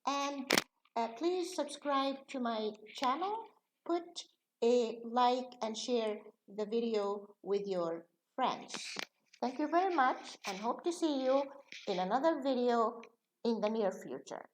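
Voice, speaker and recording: Middle-aged woman, pronunciation teacher, slow deliberate delivery, lively rising and falling pitch. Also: a little hiss or hum, rough recording. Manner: slow, deliberate drilling of example words. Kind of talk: recorded video lesson.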